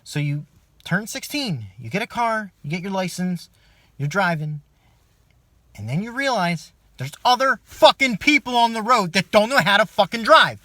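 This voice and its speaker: A man doing a stand-up comedy routine as a comedian, ranting and swearing, swinging from low muttered asides to loud angry outbursts. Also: big pitch swings, fairly quick, no echo.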